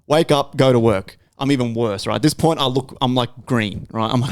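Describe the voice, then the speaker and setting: A young man with an Australian accent tells a long story on a casual podcast. He swears freely and talks in an animated way. His voice sits at a middle pitch. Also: moderate pace, no echo, studio quality. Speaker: podcast host. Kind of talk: casual chat.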